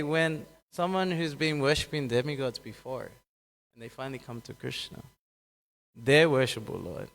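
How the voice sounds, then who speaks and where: A man giving a casual scripture class, telling stories and acting out the characters' lines, laughing and correcting himself along the way. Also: creaky. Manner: acts out quoted characters with raised pitch, laughs often, corrects himself. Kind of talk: casual scripture talk with storytelling. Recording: long hall reverb.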